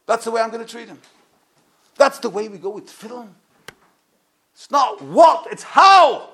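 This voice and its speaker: High-voiced man preaching with passion. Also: animated, moderate pace, creaky, long pauses. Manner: impassioned, swings from loud to hushed. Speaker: rabbi. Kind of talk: sermon.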